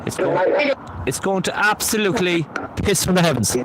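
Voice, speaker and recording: A man's voice: high voice, expressive, normal speed, very noisy. A man working as a paranormal investigator, calling out to spirits outdoors at night near beehives and talking to his chat in a coaxing, repetitive way.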